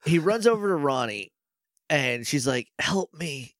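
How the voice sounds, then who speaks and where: A podcast co-host casually recaps a show episode, laughing and doing quoted voices. His voice is on the high side, very animated and a bit bright, at normal speed. The recording is dry and cleanly studio-made.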